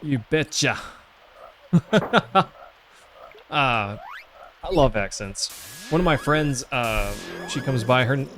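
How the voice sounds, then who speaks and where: A man's voice: medium pitch, expressive, takes it slowly, pauses often, fairly bright tone, soft background music. A man with a Southern US accent streaming a retro game, chatting casually and rambling to his chat with many fillers. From Southern United States. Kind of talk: casual live-stream chat while gaming.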